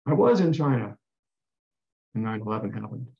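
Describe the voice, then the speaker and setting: A man's voice: fairly low pitch, very animated, moderate pace, creaky. A man giving a talk and telling a personal story in an earnest way. He often repeats himself and restarts his phrases. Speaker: guest speaker. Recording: dull roomy talk recording.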